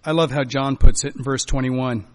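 A man preaching a sermon as a pastor, emphatic, swinging between loud urging and quiet, soft lines. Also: mid-range voice, steady tone, normal speed. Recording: long hall reverb.

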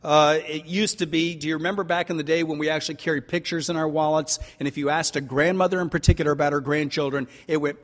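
An older man preaching a sermon as pastor, folksy and animated, stretching out key words for emphasis. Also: a little high, fast talker, few pauses. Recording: long reverb of a large hall.

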